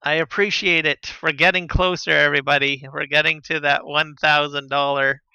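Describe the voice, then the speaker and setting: A man chatting casually on a live gaming stream, relaxed and rambling with lots of fillers and soft chuckles, on a slightly dull lo-fi mic. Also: on the high side, normal speed, clear, resonant tone, no echo. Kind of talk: casual live-stream chat while playing.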